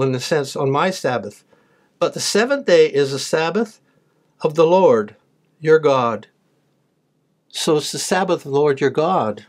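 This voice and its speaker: Man, slightly high voice, sermon, scripture reading, plain explanations. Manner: reads verses aloud then explains them plainly, with some restarts. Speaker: preacher.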